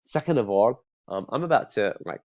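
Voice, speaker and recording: A man's voice: fairly low pitch, lively intonation, moderate pace, warm tone. A man doing an apologetic American cold caller. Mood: sheepish. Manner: self-deprecating, apologetic, rambling. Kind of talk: role-play sales call. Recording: dull lo-fi sound.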